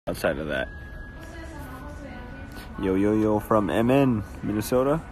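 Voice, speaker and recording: A man's voice: fairly low pitch, big pitch swings, a little slow, darkish tone, faint music behind. A man hosting a casual phone livestream, rambling and joking as he greets viewers in a cafe. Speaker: livestream host. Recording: noisy phone livestream audio.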